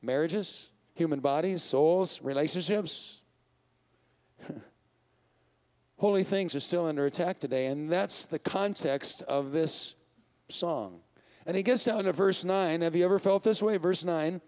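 A man's voice: on the high side, measured pace, darkish tone. A man, preaching a sermon as pastor in a conversational style, putting questions to the congregation and laughing often.

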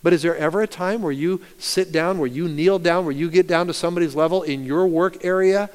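Pastor, male, sermon delivery, smooth resonant voice, fairly high, swings loud to soft, reverberant church hall. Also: a little fast. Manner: animated storytelling, rising loud and dropping soft. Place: church sanctuary.

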